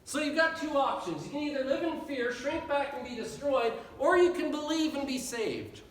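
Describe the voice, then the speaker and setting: High-voiced pastor preaching in an echoey hall. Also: male voice, lively intonation, moderate pace. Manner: earnest, repetitive preaching with rising appeals. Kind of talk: sermon. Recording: echoey church hall from far off.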